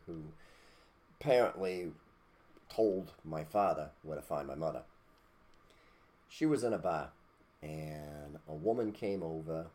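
A man hosting a podcast, his voice sitting very low and deep. He rants bluntly and preachily in a casual way. He swears mildly and checks in with "okay?" often. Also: a little mellow. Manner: blunt, preachy, mild cursing, repeated "okay?". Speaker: podcast host. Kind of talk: casual opinion rant.

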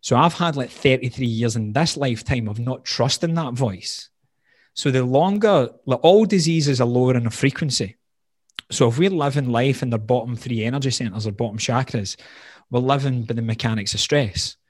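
A man's voice: medium pitch, moderate pace, husky, no room sound, clean studio sound. A man in his thirties, a health coach, telling his story in conversation, earnest and open, with frequent "like" fillers. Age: 30s.

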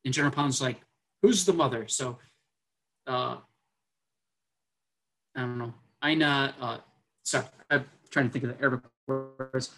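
A man's voice: medium pitch, level tone, a little slow, long pauses, sharp tone, poor audio. Earnest man telling a personal story. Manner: earnest, with many fillers and quoted dialogue. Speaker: military officer guest. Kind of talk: personal storytelling in a podcast conversation.

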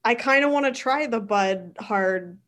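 A woman's voice: on the high side, measured pace, fairly bright tone. A young woman co-hosting a podcast, chatting in an easygoing, agreeable way and often laughing. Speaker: podcast co-host. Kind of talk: casual chat.

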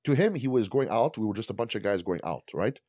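A man's voice: lowish voice, lively intonation, fast, mellow, no echo, clean studio sound. A man telling stories in casual chat, swearing freely and acting out the people he quotes.

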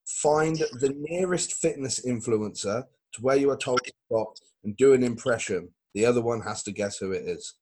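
A man's voice: mid-range voice, moderate pace, few pauses, darkish tone, husky. A man hosting a podcast, joking and swearing through casual banter. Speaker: podcast host.

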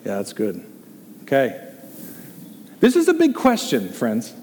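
Excitable preacher man in a reverberant hall. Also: medium pitch, measured pace, a little hiss or hum. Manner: excitable, exclaims and jokes, reads listener comments aloud. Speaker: pastor leading a group discussion. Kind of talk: animated preaching.

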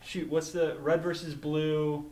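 Man co-host, chatty and teasing, high bright voice, echoey room. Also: level tone, a little slow. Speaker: podcast co-host. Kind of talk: casual chat.

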